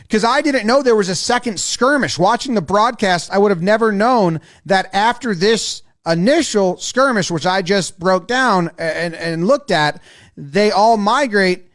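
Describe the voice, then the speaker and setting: A man giving a casual, excitable, profane breakdown of a baseball game, acting out what the players say. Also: high-pitched. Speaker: sports video commentator.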